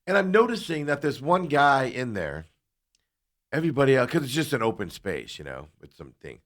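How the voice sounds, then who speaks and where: A man's voice: mid-range voice, fairly quick. A man hosting a talk show, telling a long story in casual chat and acting out both sides of each exchange. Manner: animated, acts out both sides of the dialogue.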